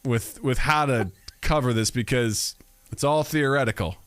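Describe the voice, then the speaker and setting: A man's voice: medium pitch, normal speed, no echo. A man in his thirties co-hosting a podcast, chatting casually and acting out family conversations as he tells stories. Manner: animated storyteller acting out family dialogue. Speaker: podcast co-host. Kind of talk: casual chat.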